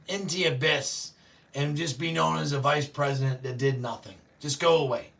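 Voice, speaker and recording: A man hosting a show, ranting profanely and yelling often, reacting to live chat. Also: on the high side, steady tone, normal speed, creaky, distant mic. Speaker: show host. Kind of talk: political rant to live chat.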